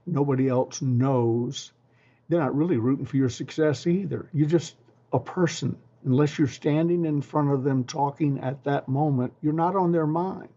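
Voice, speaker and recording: Older male guest, folksy anecdotal storyteller, mellow tone, dull muffled audio. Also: fairly high pitch, moderate pace. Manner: folksy, anecdotal, frequent ums and restarts. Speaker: interview guest, sales trainer. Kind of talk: storytelling advice.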